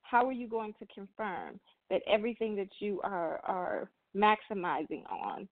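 A woman with a mid-range voice, speaking at a moderate pace, hosts a spiritual talk as a reader and host. She's earnest, often repeating and restarting phrases, and the recording sounds dry and tinny, like a phone.

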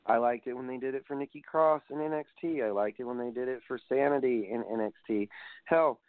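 A man's voice: mid-range voice, a little fast. Guy rambling thru a wrestling recap, tinny phone-ish sound. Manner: rambling, reads results aloud and digresses. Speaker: wrestling podcast host. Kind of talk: casual solo show review.

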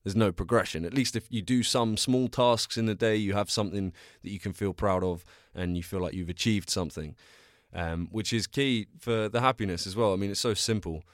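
A man's voice: on the low side, a little fast, no echo, studio quality. A young man hosting a solo podcast, chatting casually in a rambling, self-deprecating way and telling stories with bursts of energy. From England. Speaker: podcast host.

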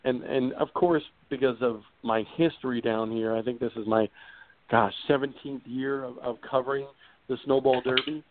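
A man's voice: mid-range voice, steady tone, moderate pace, a little hiss or hum. Enthusiastic man on tinny phone-like audio. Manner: enthusiastic, rambling with many restarts. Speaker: motorsports broadcaster. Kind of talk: casual interview answers.

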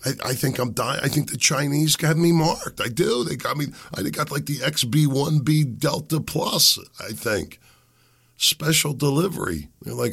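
A man hosting a podcast while sick and losing his voice. He rambles and makes sarcastic, muttered asides into a desk boom mic. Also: animated, moderate pace, vocal fry, fairly bright tone, breathy edge. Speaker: podcast host. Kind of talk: casual commentary monologue. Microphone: boom microphone on a desk.

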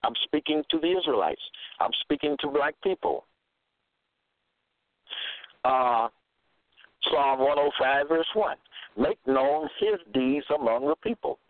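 A man's voice: on the high side, animated, a little slow, pauses often, no echo. A man reading scripture verses aloud and then interpreting them, repeating key phrases for emphasis. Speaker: self-styled religious teacher. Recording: thin phone-like dry sound.

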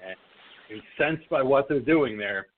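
A man's voice: mid-range voice, animated, a little slow. A man co-hosting a podcast in casual chat, swearing freely and acting out movie characters as he recaps a film. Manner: profane, jokey, acts out movie characters. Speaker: podcast co-host. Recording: phone-like lo-fi audio.

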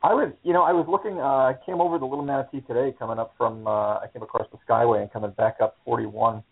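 Man, caller, casual radio chat, halting restarts, gravelly husky voice, tinny phone line. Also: medium pitch, steady tone. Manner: thinking aloud, halting with many restarts.

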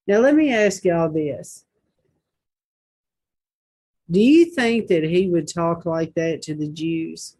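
A woman's voice: lowish voice, slow, long pauses, warm tone. A woman hosting a Christian talk show, reading posts aloud and commenting with indignant rhetorical questions.

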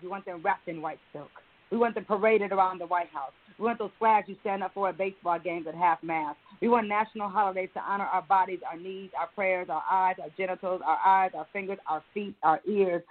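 A woman poet comes through a thin, phone-like line that narrows her voice. She reads with a driving, rhythmic spoken-word cadence. In conversation she turns loose and chatty, leaning on casual fillers. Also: on the low side. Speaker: poet and interview guest. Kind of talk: spoken-word poetry reading, then casual interview talk.

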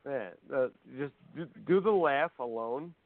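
A man's voice: medium pitch, expressive, measured pace, no room sound. Dude rambling bluntly, sounds like he's on a phone line, dry. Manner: blunt, rambling, repeats himself. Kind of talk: casual chat. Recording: tinny phone-line call-in audio.

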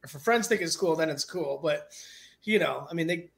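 A man in his forties, a music manager and guest on an interview show, telling stories in a casual, animated way and laughing often. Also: fairly high pitch, fairly quick, vocal fry.

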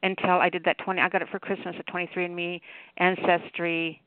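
A woman's voice: fairly low pitch, flat delivery, quick pace, no room sound. A woman hosting a call-in radio show, chatting casually and laughing easily with callers. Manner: warm, giggly, chatty with callers. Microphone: phone. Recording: tinny phone line.

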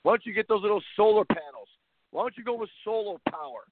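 A man's voice: high-pitched, expressive, fast, noisy background. Ranting man on a tinny line. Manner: blunt, ranting, mocking. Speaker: sports talk show host. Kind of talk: opinionated talk-show monologue. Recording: tinny phone-line sound.

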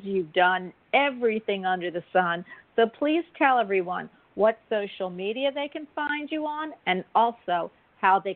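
Gushing woman hosting a show. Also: medium pitch. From United States. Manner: gushing, theatrical enthusiasm. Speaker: show host. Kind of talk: casual talk show chat. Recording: tinny phone-like audio.

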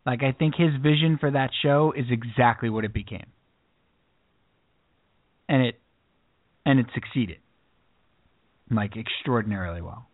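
Over a dry, lo-fi sound like a phone line with no room sound, a man co-hosting a podcast spins a story in casual conversation. His medium-pitched voice keeps a measured pace with long pauses, and he rambles, restarting many times.

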